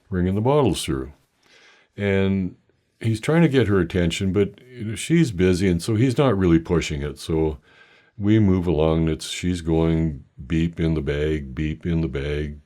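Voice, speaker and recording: An older man telling a meandering, self-deprecating personal story with halting restarts. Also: sits low, mellow.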